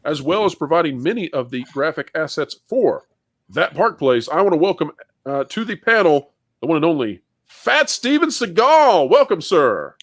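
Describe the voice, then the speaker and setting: A man's voice: a little high, very animated, moderate pace, dry recording, studio quality. A man hosting a livestream panel, upbeat and playful, with jokes between introductions. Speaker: host.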